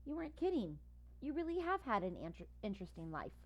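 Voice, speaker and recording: A woman voicing a feisty young female dog who bosses her brother around, with sharp, teasing retorts. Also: a little high, very animated, quick pace, dull audio. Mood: amazed.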